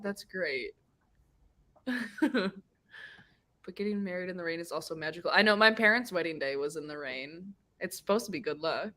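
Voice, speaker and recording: A woman's voice: fairly low pitch, normal speed, long pauses, pushed and bright. A young woman hosting a casual chat with friends, telling stories in a rambling way with lots of fillers and laughter. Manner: giggly, rambling storyteller with many fillers. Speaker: streamer hosting a reading sprint.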